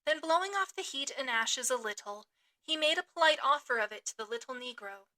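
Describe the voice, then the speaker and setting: A woman podcast host reading a classic novel aloud with expressive, dramatic delivery. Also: high-pitched, brisk.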